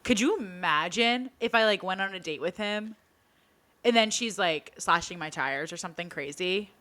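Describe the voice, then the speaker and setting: This young woman has a bright, forceful voice and tells a story animatedly in a casual podcast chat. She acts out the quotes of everyone in the story as she goes. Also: lowish voice, moderate pace. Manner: animated retelling with acted-out quotes. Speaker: podcast co-host.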